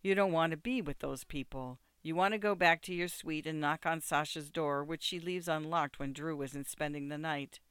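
A man narrating an audiobook in a steady, second-person storytelling way. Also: on the high side, moderate pace, hardly any pauses, clean tone, dry recording.

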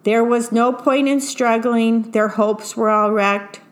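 A woman reading a picture book aloud, gently pointing out what is in the pictures as she goes. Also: on the high side, fairly even intonation, slow. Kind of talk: read-aloud storytelling with picture commentary.

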